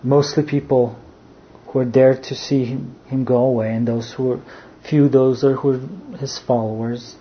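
A man preaching a sermon, earnest in tone, dropping to a hush when he quotes. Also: medium pitch. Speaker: pastor. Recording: dull lo-fi sound, faint background noise.

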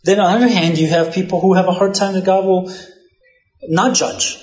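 A man's voice: sits high, steady tone, brisk, darkish tone, highs cut off. Conversational male pastor in a roomy space. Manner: conversational preaching with frequent "you know" asides. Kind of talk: sermon.

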